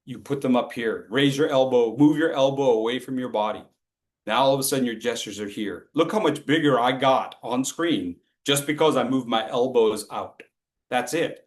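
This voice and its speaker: A man teaching as a speech coach, lively and playful, acting out his students and throwing in sound effects. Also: medium pitch. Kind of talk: lively training talk.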